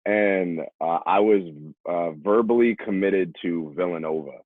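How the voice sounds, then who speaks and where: Over a dry, tinny remote connection that sounds like a phone, a deep-voiced young man from New York speaks at a measured pace. The former college running back is a podcast guest who tells casual stories and acts out the voices of those he quotes.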